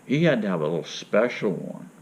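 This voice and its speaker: A man's voice: on the low side, sing-song, brisk, darkish tone. A man from Florida telling a rambling, jokey story to his viewers in a folksy, casual way. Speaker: vlogger. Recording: dull lo-fi sound.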